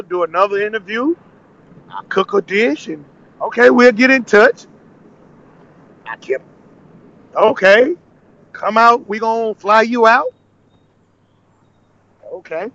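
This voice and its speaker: A man's voice: high voice, slow pace, pauses often, fairly bright tone, muffled recording. A man from Nashville, a podcast guest telling his story animatedly in casual conversation, acting out the dialogue he quotes. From Nashville, USA. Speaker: podcast guest, former cooking show contestant.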